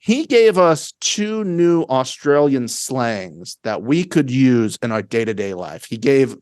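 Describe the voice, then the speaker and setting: A man co-hosting a podcast, his pitch swooping as he jokes and mimics others. Dry, close sound. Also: takes it slowly, no room sound. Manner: animated, jokey, mimics voices with big pitch jumps. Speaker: podcast co-host. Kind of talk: casual podcast chat.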